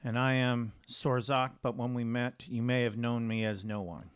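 A man's voice: medium pitch, steady tone, moderate pace, smooth, close to an everyday voice. Earnest, courteous adventurer, played by a man in his everyday voice.

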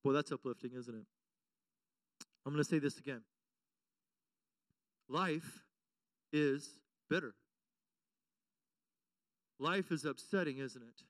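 A man's voice: mid-range voice, brisk, long pauses, dry recording, distant mic. A man preaching as pastor, emphatic and repetitive, often checking in with the congregation. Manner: emphatic preaching with repeated call-and-response questions. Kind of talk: sermon. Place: church.

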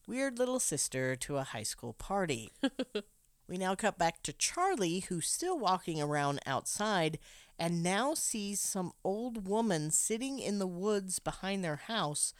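Woman, low voice, podcast host recapping a movie with wry humor, dry close sound. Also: no room sound. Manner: wry, laughs often, breaks into asides. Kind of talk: casual chat and plot recap.

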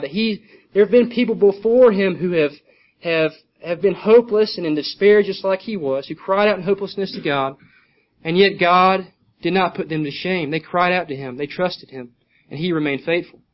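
A man's voice: high-pitched, brisk. Earnest man teaching scripture, dull sound. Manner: earnest, repeats key points for note-taking. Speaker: preacher. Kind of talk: sermon, verse-by-verse Bible teaching.

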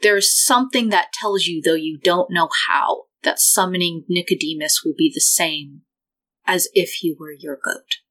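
A woman's voice: on the low side, moderate pace, fairly bright tone, low-quality recording. A woman narrating a tabletop horror game as game master, with dry asides. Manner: descriptive storytelling, dry asides.

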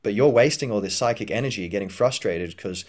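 Talking a little fast in a darkish tone, a male podcast host muses casually through his ideas. His monologue rambles, full of fillers and restarts, and he shifts to a higher pitch to act out inner voices.

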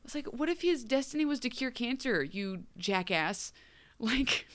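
A woman's voice: fairly high pitch, a little slow. A woman co-hosting a podcast, chatting casually about a TV episode, rambling and acting out lines from scenes. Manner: animated, rambling, acts out quoted lines. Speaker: podcast co-host. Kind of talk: casual TV recap chat.

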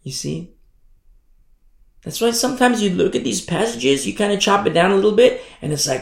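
A male pastor preaches with a slightly high, gravelly voice. He drives his points home by repeating rhetorical questions, and the sound carries the echo of a church hall. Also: animated, moderate pace. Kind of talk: sermon. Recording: echoey church room.

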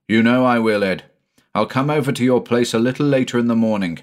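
A man voicing a careful, frightened country doctor speaking gently to his son. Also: mid-range voice, fairly quick, pitched above the performer's own voice, lightly acted.

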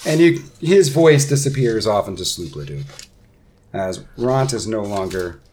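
A man's voice: on the low side, sing-song, measured pace, a little mellow, slight background noise. A man narrating a tabletop game as game master in a casual, rambling way with many fillers.

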